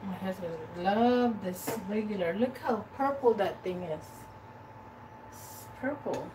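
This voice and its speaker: A woman's voice: mid-range voice, animated, slow. A woman from the Philippines hosting a casual cooking livestream from her home kitchen, greeting viewers by name and humming while she works. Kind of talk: casual live-stream chat. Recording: distant mic with background noise.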